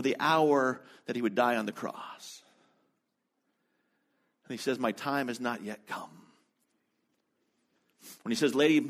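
Man, pastor, sermon, chatty storytelling, mid-pitched voice. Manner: conversational storytelling with quick asides.

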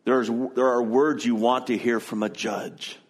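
A man's voice: mid-range voice, flat delivery, a little slow, breathy edge. A middle-aged man preaching, telling a personal story in an earnest, conversational way before moving into scripture. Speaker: pastor.

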